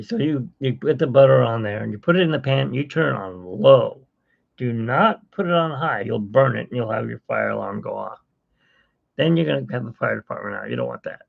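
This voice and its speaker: A man's voice: mid-range voice, creaky. A man hosting a casual live-stream chat, rambling and self-mocking with corny jokes. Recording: dull lo-fi stream audio.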